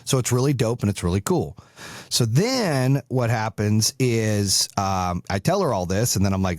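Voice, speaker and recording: A man's voice: fairly low pitch, sing-song, brisk, dry recording. A middle-aged man hosting a podcast, giving a blunt, profane motivational monologue from his office studio. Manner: blunt, swearing, emphatic and repetitive. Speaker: podcast host and business coach.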